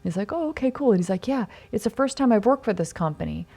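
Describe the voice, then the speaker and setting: A woman hosting a podcast, telling a story casually in a chatty, animated way and acting out quoted dialogue. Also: medium pitch, fast, vocal fry, breathy edge. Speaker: podcast host.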